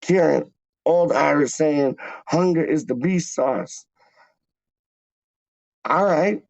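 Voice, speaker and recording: A man's voice: a little high, slow pace, vocal fry, a little mellow, no room sound. A man hosting a casual livestream, reading chat comments with slangy, laid-back banter and repeated phrases. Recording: dry, dull lo-fi mic.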